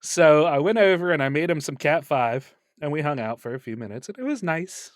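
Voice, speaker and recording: A man co-hosting a casual late-night podcast, rambling and playful, laughing as he talks. His voice sits a bit high for a man and the sound is dry and close. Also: animated, brisk, no echo. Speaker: podcast co-host.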